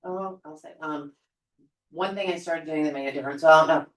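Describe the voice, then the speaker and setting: A man's voice: a little high, moderate pace, a bit bright. A man, a real estate agent, sharing at a team meeting, chatty and correcting himself as he goes. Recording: echoey room, mic far off.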